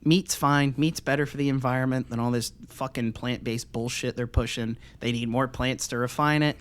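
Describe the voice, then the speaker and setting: A man co-hosting a casual podcast, ranting loudly and swearing often as he talks. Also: mid-range voice, normal speed, smooth. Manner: ranting, profane, animated. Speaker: podcast co-host.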